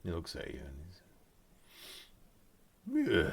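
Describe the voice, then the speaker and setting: A man running a tabletop game, with a lowish voice that rises and falls in wide, lively swings. He narrates unhurriedly, stopping often to search for words. The effect is hesitant, filler-heavy scene-setting. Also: slow pace. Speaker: game master.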